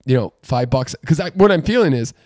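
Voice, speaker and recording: A man, co-hosting a casual podcast, animated, swearing, his voice jumping up when he gets riled. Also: medium pitch, a little fast, no echo, studio quality. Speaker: podcast co-host. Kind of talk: casual chat.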